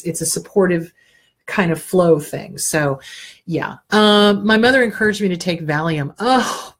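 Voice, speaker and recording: A middle-aged woman therapist giving blunt, animated advice to viewers in a casual talk, acting out quoted inner voices. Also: fairly low pitch, slightly rough. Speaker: therapist host answering viewer questions.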